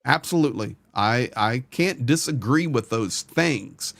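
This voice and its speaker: Brief: a man at a desk mic, live-stream host, dry close sound, middle pitch. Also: lively intonation, creaky, a bit bright, no echo. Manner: rapid rundown of names and amounts, earnest. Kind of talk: live stream chat, reading out donations.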